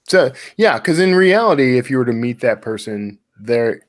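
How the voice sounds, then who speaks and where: A man, an author guest, explaining his writing methods in a relaxed casual chat with lots of fillers. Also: medium pitch, moderate pace, dry recording, studio quality.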